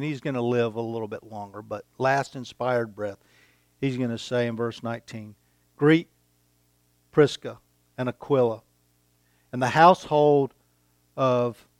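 A man preaching a sermon, reading scripture aloud and pausing for effect between phrases. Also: medium pitch, no room sound, clean studio sound. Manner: slow, deliberate preaching with dramatic pauses, reading scripture aloud. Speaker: pastor.

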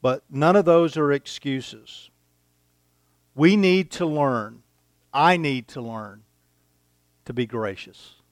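A man preaching a sermon, reading scripture aloud and pausing for effect between phrases. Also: a little high, no echo. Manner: slow, deliberate preaching with dramatic pauses, reading scripture aloud. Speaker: pastor.

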